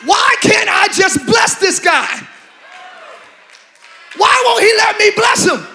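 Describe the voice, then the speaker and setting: A man's voice: extremely high pitch, big pitch swings, slow, vocal fry, pushed and bright, raised voice, some chatter behind, a little hiss or hum, voice pushed up, exaggerated voice. A man voicing God as a deity pleading with a stubborn man, using an emphatic preaching cadence with rhetorical questions.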